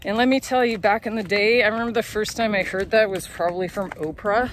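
Woman, mid pitch, casual outdoor vlog, swearing, laughing, faint background hiss. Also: steady tone, fast talker. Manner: candid, laughing, swears freely. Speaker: tour guide. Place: outdoors on a hillside lookout.

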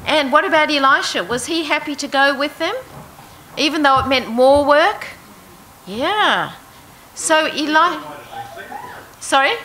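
A woman leads an interactive Bible lesson, reading verses and putting questions to her listeners. Her voice is bright and sits a little high. A faint hum of room ambience runs behind her. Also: lively intonation, measured pace, pauses often, rough recording. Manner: asks the audience questions, reads verses aloud. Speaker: preacher.

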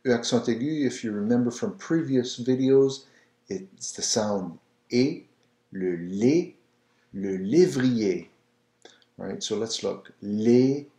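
A man teaching pronunciation, who repeats each word slowly and coaxes the listener to try it. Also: medium pitch, warm tone. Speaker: French teacher. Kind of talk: slow, patient pronunciation lesson. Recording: echoey room.

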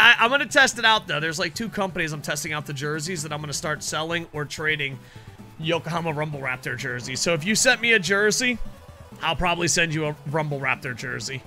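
Male streamer, high and very bright voice, excitable casual chatter with light music behind. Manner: excitable, reacts loudly, swears casually. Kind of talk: casual chat over gameplay.

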